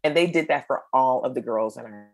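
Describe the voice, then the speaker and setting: A low-pitched, middle-aged woman from the United States talks in a relaxed podcast conversation. She tells her stories with animation, slipping into the voices of the people she quotes. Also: a little fast, faint music behind. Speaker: guest, creator of a menopause storytelling project.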